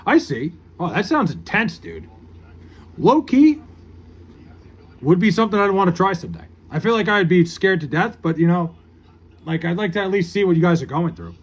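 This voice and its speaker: A male streamer with a fairly high voice chats casually on his live stream, reading viewer comments aloud. He answers with loose, joking banter, cursing freely and poking fun at himself. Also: very animated, normal speed, breathy edge. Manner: joking, profane, self-mocking banter with viewers. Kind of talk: casual livestream chat.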